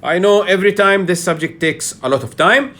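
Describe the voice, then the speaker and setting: A man's voice: sits high, fairly quick, pushed and bright. A man teaching a live online public speaking session in a chatty way, often checking in with "yeah?".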